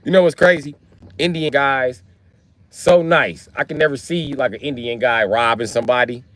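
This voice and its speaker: A man's voice: medium pitch, moderate pace, dry recording. A man livestreaming from his car on a phone, ranting casually and profanely as he riffs through comedic stories. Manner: profane, animated storytelling. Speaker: live streamer. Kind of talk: casual comedic rant on a live stream. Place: inside a car.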